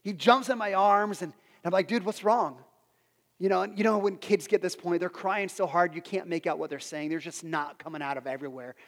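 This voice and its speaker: A man in his thirties preaching a sermon, earnest, who repeats phrases and goes soft for prayers. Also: high voice, fairly quick, hardly any pauses. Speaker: pastor. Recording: long hall reverb with soft music behind.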